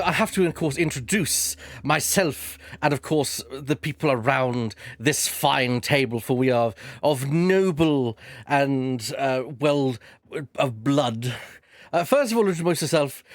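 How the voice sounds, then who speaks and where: A man's voice: on the high side, animated, unhurried, no room sound. A man hosting a stream as a pompous, rambling retired naval admiral, full of restarts. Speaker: streamer host. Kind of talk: comic in-character role-play.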